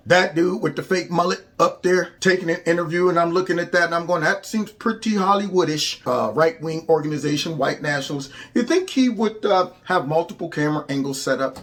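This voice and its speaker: A man's voice: on the high side, animated, quick pace, hardly any pauses, a bit bright. A man hosting a commentary show, talking in a sarcastic, rambling way with many fillers.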